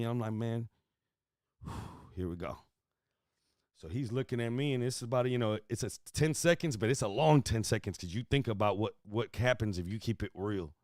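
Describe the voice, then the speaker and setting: A man from Houston, hosting a podcast and telling a profane story in casual chat, swinging from loud bursts to hushed asides. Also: fairly low pitch, moderate pace, no echo, clean studio sound. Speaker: podcast host.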